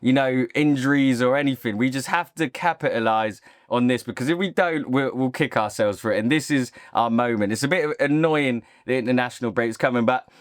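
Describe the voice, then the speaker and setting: A man's voice: mid-range voice, brisk, hardly any pauses, clean tone, no room sound, studio quality. A man hosting his own football channel, giving an opinionated, casual reaction monologue. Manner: opinionated, talks straight to camera.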